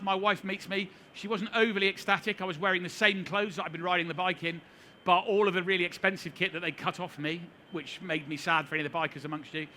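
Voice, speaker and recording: A man's voice: high voice, pushed and bright, a little hiss or hum. A middle-aged man giving a seminar talk, telling a story to a live audience with wry, self-deprecating humor. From United Kingdom. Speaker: seminar speaker. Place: conference hall.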